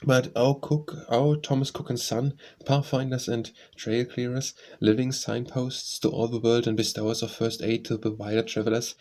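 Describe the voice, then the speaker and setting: A man reading a first-person story aloud as an audiobook narrator, in a measured, literary way. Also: medium pitch, little pitch movement, mellow.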